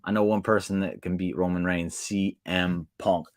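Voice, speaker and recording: A man hosting a casual wrestling recap, talking excitedly in slang and acting out quotes with sudden jumps in pitch. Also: moderate pace, dry recording, clean studio sound.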